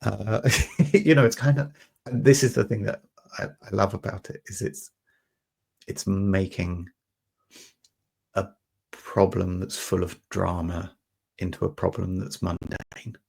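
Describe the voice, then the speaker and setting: Low creaky-voiced man, rambling explainer. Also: fairly even intonation, takes it slowly, long pauses, darkish tone. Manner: meandering, many fillers and restarts, explains through homely examples. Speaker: podcast host. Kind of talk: reflective conversational explanation.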